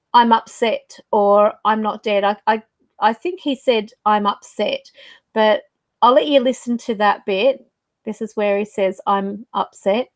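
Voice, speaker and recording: Chatty woman with a bright, dry voice. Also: on the high side, no room sound. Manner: rambling, searching for words, fillers and laughs. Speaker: psychic medium and channel host. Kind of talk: casual talk to camera. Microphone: desk mic.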